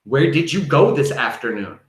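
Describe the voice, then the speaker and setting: A man's voice: medium pitch, big pitch swings, moderate pace, lightly acted. A man reading the part of a frustrated, demanding young husband, in a roomy space. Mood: pressing. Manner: insistent, pressing questions.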